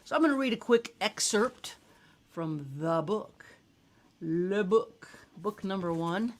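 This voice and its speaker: A woman from South Louisiana, hosting a casual show, talking haltingly with many filler sounds and reading aloud from her book. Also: medium pitch, expressive. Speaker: singer-songwriter host.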